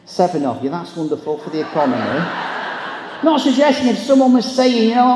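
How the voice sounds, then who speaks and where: This high-pitched man talks fast with lively intonation, over a noisy background. He's a motivational keynote speaker delivering a funny talk to a live crowd in a large, echoing hall, spinning comic stories and performing the voices of the characters.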